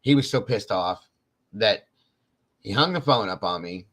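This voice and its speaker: A man's voice: fairly low pitch, lively intonation, measured pace, fairly bright tone. A man hosting a show, telling a story in a casual, chatty way, laughing now and then and swearing freely. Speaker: host.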